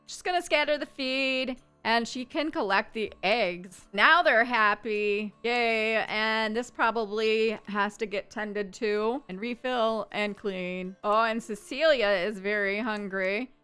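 A woman's voice: a little high, slow, few pauses, pushed and bright, clean tone, soft background music. A woman giving casual, chatty commentary while playing a life-simulation game, narrating her characters and now and then voicing them playfully. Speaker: gaming YouTuber.

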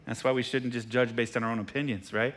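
A man preaching a sermon as pastor, animated and jokey, who repeats phrases and asks the congregation questions. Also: medium pitch, quick pace. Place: church sanctuary.

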